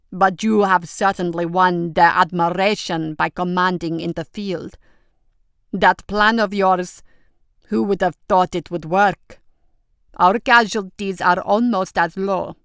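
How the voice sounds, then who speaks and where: A woman voicing a loud, pompous older male army colonel who flatters his prince in an effusive rush. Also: medium pitch, no room sound, clean studio sound.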